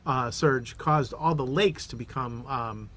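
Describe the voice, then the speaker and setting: A man with a Boston accent co-hosting a podcast, chatting in a relaxed, rambling way with lots of fillers. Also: mid-range voice, unhurried, slight background noise. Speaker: podcast co-host. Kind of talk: casual chat.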